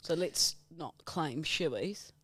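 A woman with a New Zealand accent, co-hosting a podcast and telling animated, teasing stories in casual banter. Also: sits low, takes it slowly, no echo, clean studio sound. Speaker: podcast co-host.

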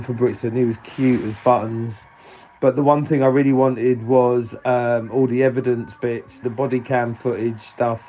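A man's voice: mid-range voice, dull audio, slight background noise. A man phoning in a rambling, profane story and laughing as he talks. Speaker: caller. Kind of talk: casual phone-in story.

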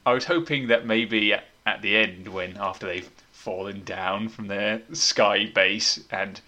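A man's voice: fairly low pitch, measured pace, pushed and bright. A man hosting a casual movie review podcast, wry and opinionated as he leads the talk. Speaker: podcast host.

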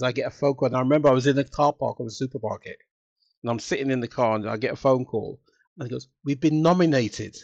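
A man as a guest in a casual interview, telling stories in an animated, emotional way and acting out what people said. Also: medium pitch, no echo, dull audio. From United Kingdom. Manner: animated, emotional storytelling with acted-out quotes.

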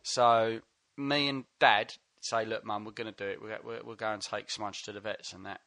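Bright-voiced man telling a story. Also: fairly low pitch, fairly even intonation, moderate pace, gravelly, no echo. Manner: swearing, rambling, laughs at own jokes. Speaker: podcast co-host. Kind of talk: casual storytelling.

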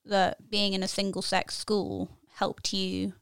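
A woman's voice: medium pitch, flat delivery, slow pace, creaky, fairly bright tone, smooth, no echo. Chatty woman hosting, dry sound. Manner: chatty, asks loose rambling questions. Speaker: podcast host. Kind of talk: casual chat.

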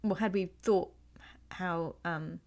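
A woman's voice: lowish voice, slow pace, darkish tone. A woman, co-hosting a podcast in casual chat, telling a long story with frequent laughter. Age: 40s. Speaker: podcast co-host.

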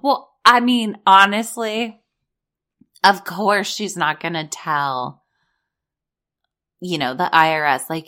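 A woman's voice: fairly low pitch, fairly even intonation, slow, long pauses, bright, forceful tone. A woman giving casual, blunt commentary while reading court documents aloud, sarcastic and swearing freely.

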